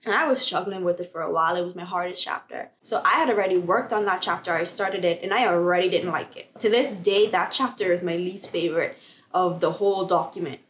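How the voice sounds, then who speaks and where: A woman's voice: on the low side, brisk, a little hiss or hum. Bubbly young woman telling a story. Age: young adult. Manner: animated storyteller, acts out quoted dialogue. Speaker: vlogger. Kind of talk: casual testimony vlog.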